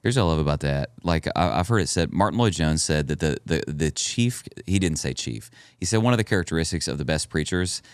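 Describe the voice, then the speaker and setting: A very low, smooth male voice in easygoing podcast chat, a pastor who jokes and affirms his co-host. The sound is dry, close and clean. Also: fairly quick, few pauses, no echo. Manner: relaxed, jokey, affirming. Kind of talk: casual podcast conversation.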